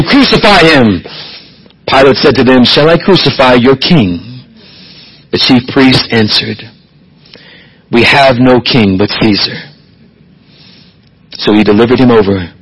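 A man's voice: medium pitch, slightly rough, rough recording. A man preaching an expository sermon as pastor, reading scripture and building to emphatic, rising swells.

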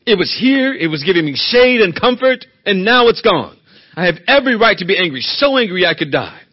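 A male preacher voicing an indignant, stubborn adult prophet who protests loudly that he has every right to be angry. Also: sits high, huge pitch swings, a little slow, gravelly, slightly rough, muffled recording, pitched above the performer's own voice, full character voice. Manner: loud, raised, self-pitying protest.

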